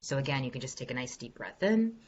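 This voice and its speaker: A woman's voice: extremely low pitch, big pitch swings, fast talker, darkish tone, husky. A woman voice coach leads an online workshop Q&A, upbeat and encouraging as she walks listeners through exercises. Her voice comes through a video call with a slightly muffled, lo-fi sound. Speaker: executive voice coach.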